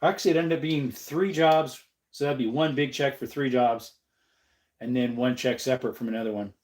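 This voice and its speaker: Young male streamer, congested and sniffling, relaxed casual chat in an ordinary mid-range voice. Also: medium pitch, normal speed. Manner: easygoing, reads chat aloud and answers. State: stuffed-up nose, sniffling. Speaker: livestream host. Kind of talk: casual livestream chat while working.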